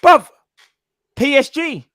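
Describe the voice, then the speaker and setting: A man's voice: extremely high pitch, slow pace, a bit bright, a little hiss or hum. A man arguing football in a heated casual debate, insistent and full of slang, reading out player names one by one. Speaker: co-host of a fan call-in show.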